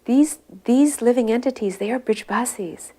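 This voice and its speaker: A woman voicing a stern but gentle old male spiritual teacher who speaks slowly and measuredly. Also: a little high, pitched above the performer's own voice, close to an everyday voice. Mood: firm.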